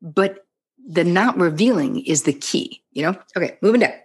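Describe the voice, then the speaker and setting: Low husky woman, frank and blunt. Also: lively intonation, normal speed. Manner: frank, blunt, swears casually, restarts words. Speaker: psychotherapist guest. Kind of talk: casual podcast chat.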